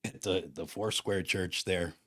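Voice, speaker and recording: A man with a deep, low voice tells a personal story on his podcast. He talks casually and with lots of emphasis, dropping surfer slang as he goes. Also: fairly even intonation, unhurried, a bit bright, no room sound, clean studio sound. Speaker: podcast host.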